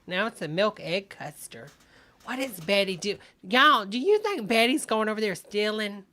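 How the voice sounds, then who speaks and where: Sassy woman host with a bright voice. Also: medium pitch, very animated, normal speed. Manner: sassy, gossipy, calls everyone honey and y'all. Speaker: livestream host reacting to a video. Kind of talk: comic live commentary.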